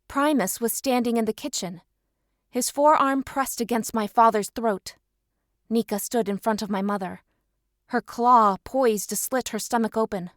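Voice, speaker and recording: Higher-voiced woman narrating an audiobook. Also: normal speed, no echo, clean studio sound. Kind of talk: first-person scripted narration.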